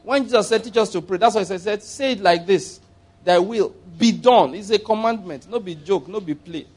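A man's voice: sits high, normal speed, over a noisy crowd, very noisy. A Nigerian man preaching a sermon in church, telling stories, repeating phrases for emphasis and leading the congregation in declarations. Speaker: pastor.

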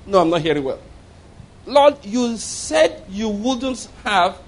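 A man preaching acts out a bewildered man who protests that his ears are failing him, his voice rising high as he argues. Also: racing, lightly acted. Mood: incredulous. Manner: incredulous, protesting, rising pitch.

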